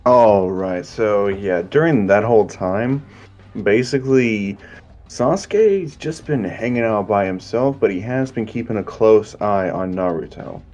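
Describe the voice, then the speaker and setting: A man hosting and narrating a fan story in a relaxed, measured way, on a muffled recording. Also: fairly low pitch. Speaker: host.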